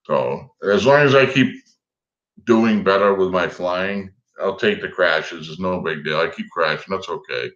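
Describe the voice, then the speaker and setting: Man, livestream guest, low voice, rambling storyteller, muffled lo-fi recording. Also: measured pace, fairly bright tone. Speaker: guest drone hobbyist. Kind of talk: casual livestream chat.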